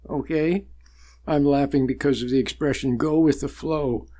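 Speaking in a medium-pitched, steady, dark-toned voice, an older spiritual teacher gives a talk much like a sermon. His delivery is measured and emphatic, with repeated phrases and long pauses that build each point.

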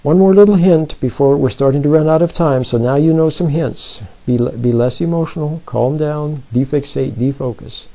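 A man giving spoken self-help advice, slow and deliberate, who keeps repeating his points and checking in with the listener. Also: on the high side, dark tone, rough recording. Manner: repeats points and often checks in with "See?" and "Are you with me?". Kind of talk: plain spoken advice talk.

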